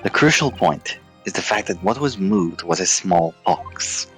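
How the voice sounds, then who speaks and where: Earnest young defense lawyer, low and punchy, read by a man on stream. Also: animated, a little slow, a bit bright. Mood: determined. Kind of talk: voicing game dialogue on a stream. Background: game music.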